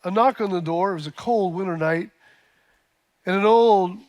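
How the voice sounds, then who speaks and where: High voiced pastor guy preaching, lots of uh and repeats, gets loud and emphatic. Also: normal speed. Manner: storytelling with repeated words and fillers, building to emphatic peaks. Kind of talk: sermon.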